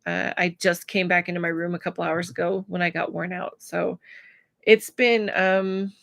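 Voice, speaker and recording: Woman vlogger, close dry mic, open and emotional, halting speech with fillers. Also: fairly low pitch, level tone, gravelly, fairly bright tone, no room sound. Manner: emotional, searching for words, many pauses and fillers. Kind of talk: personal vlog talking to camera.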